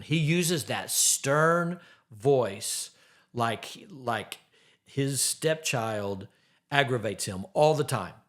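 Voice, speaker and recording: A middle-aged man hosting a faith-based podcast, giving earnest relationship advice and asking the listener direct questions. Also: medium pitch.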